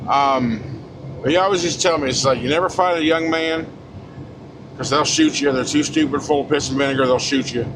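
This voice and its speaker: A blunt man in his forties rants in a high-pitched voice, swearing freely and talking straight at the camera. Loud road noise from the moving truck cab runs under everything he says. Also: fairly quick. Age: 40s. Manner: blunt, profane, fired-up. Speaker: truck driver vlogger. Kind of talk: casual ranting monologue.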